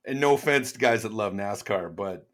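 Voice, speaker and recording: A man co-hosting a podcast, telling stories in a relaxed, chatty way. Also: on the low side, moderate pace. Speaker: podcast co-host. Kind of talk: casual chat.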